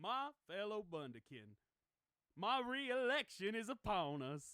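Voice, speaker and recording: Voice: medium pitch, sing-song, measured pace, a bit bright, smooth, dry recording, studio quality, voice pushed up. A streamer voicing a grandiose, self-satisfied male villain ruler from a kids' show, recorded as a voice audition.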